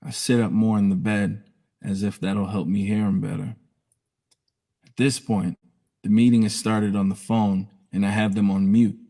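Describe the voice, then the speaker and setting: A man's voice: fairly low pitch, level tone, moderate pace, dark tone. A man telling his own story on a live stream in a candid, emotional way, blunt and profane at times.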